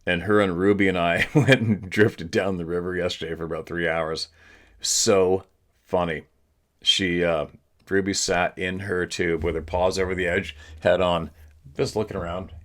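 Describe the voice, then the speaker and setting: Low-pitched and moving at a moderate pace with fairly even intonation, the male host spins stories at home in a laid-back, casual way. There's lots of swearing and frequent laughter, and the audio comes from a laptop camera.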